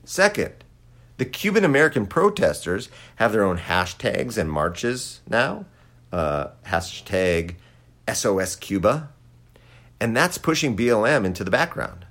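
A man with a lowish voice performs a satirical political monologue. His pitch swings widely as he lands sarcastic jokes and dry throwaway asides. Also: big pitch swings, unhurried, a bit bright. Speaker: commentator.

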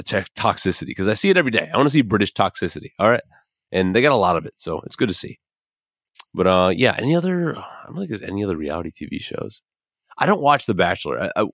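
A young Midwestern man hosts a podcast, rambling through casual, emphatic commentary packed with fillers and the occasional curse word. His voice runs on the low side, recorded at studio quality with no echo.

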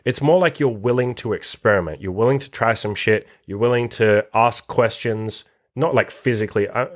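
This podcast host and dating coach has a medium-pitched voice and talks at normal speed. In a casual, animated monologue he reacts to a written list, blunt and profane, swearing constantly.

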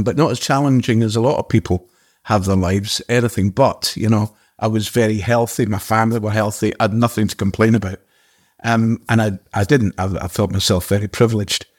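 An older man, an actor guest, telling a story casually in a halting way, with restarts and the odd casual swear. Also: fairly low pitch, steady tone.

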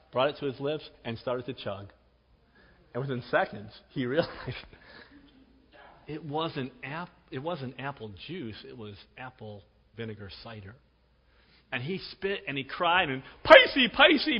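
A middle-aged man preaching a sermon, telling stories with emphasis and dropping to a hush for effect. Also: high voice. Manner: storytelling, emphatic, with dramatic drops to a hush. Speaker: pastor. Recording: dull recording with long hall reverb.

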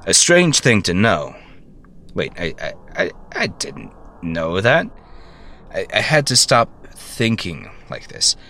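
A man telling a first-person story, narrating in a halting way with stammered self-corrections. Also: sits low, wildly swooping pitch, gravelly, sharp tone, slight background noise.

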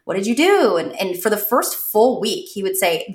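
Woman in her thirties, podcast co-host, lively pitch, laughing storyteller, roomy echo. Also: moderate pace. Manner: animated storytelling, laughs often. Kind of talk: casual chat.

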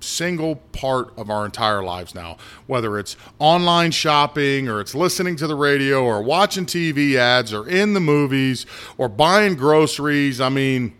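A man's voice: mid-range voice, animated, measured pace, a bit bright, clean tone. A middle-aged man from the United States hosting a casual solo podcast, blunt and ranting, with many asides and restarts. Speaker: podcast host.

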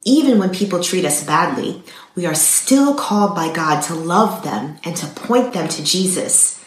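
A woman's voice: fairly low pitch, expressive, unhurried. A woman earnestly telling a devotional story and speaking directly to listeners. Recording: roomy echo.

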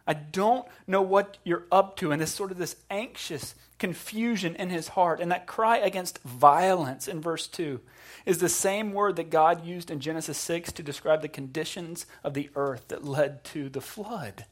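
A male pastor preaching, moving between hushed, pleading passages and raised, urgent cries, with conversational asides to the congregation. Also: fairly high pitch, normal speed. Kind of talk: sermon.

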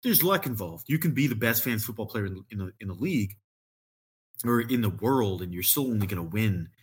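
A man's voice: lowish voice, lively intonation, breathy edge. A man co-hosting a podcast, chatting casually and laughing easily. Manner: easygoing, quick to laugh. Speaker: podcast co-host. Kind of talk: casual chat.

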